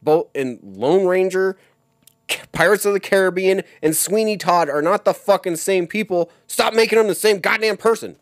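A man's voice: high-pitched, normal speed, dry recording, studio quality. A young man co-hosting a casual podcast, blunt and grumbling, with heavy swearing. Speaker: podcast co-host.

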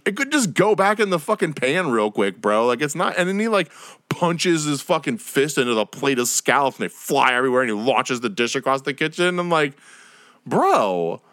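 A man's voice: medium pitch, a bit bright, no room sound, studio quality. Profane rambling young man ranting. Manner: profane, rambling, laughs often, mocking voices. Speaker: podcast host. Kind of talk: solo podcast rant.

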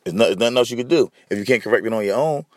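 A man's voice: medium pitch, lively intonation, very fast, dry recording. A man hosting a solo podcast, ranting bluntly and profanely while talking straight to his listeners. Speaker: podcast host.

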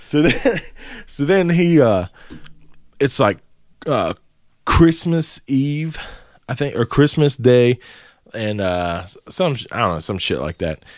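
A man's voice: medium pitch, lively intonation, slow, pauses often, no echo, studio quality. Profane, rambling man telling a story. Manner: profane, rambling, laughing as he tells it. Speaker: podcast co-host. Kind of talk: casual comedic storytelling.

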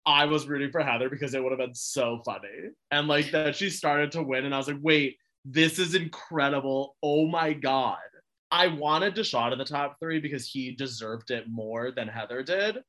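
A man's voice: medium pitch, brisk, hardly any pauses, pushed and bright. A man co-hosting a casual group chat, talking chattily and enthusiastically with lots of fillers. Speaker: podcast co-host.

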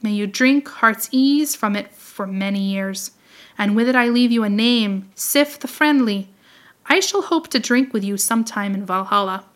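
A boisterous Viking warrior toasting a new friend in big, declamatory phrases, as a woman reading the tale gives him voice. The delivery is hearty and a touch slowed for weight, in a bright, clear tone. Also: medium pitch, natural voice.

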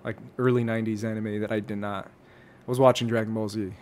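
A man's voice: lowish voice, quick pace. A young man co-hosting a casual podcast, reading out viewer comments and laughing often. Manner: laughs often, animated retellings. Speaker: podcast co-host.

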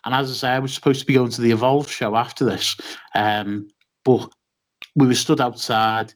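A man's voice: medium pitch, steady tone, moderate pace. A man co-hosting a casual podcast chat, telling a long story with many ums and restarts. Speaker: podcast co-host.

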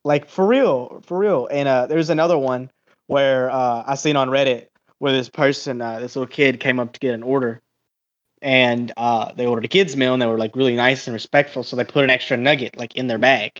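A man's voice: medium pitch, fairly even intonation, a little fast, muffled recording. Rambling, cursing man on a call. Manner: rambling, swears a lot, many restarts. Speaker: guest. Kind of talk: casual podcast chat.

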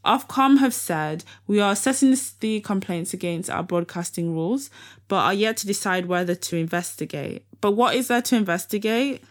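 Young woman co-host, casual podcast banter, laughs often, mid-pitched. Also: moderate pace. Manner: laughs often, chatty and animated, reads news items aloud. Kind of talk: casual chat.

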